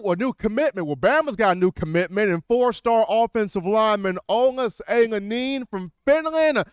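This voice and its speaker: A man hosting a sports call-in show, energetic and quick, taking callers with repeated catchphrases. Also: high-pitched, smooth, dry recording.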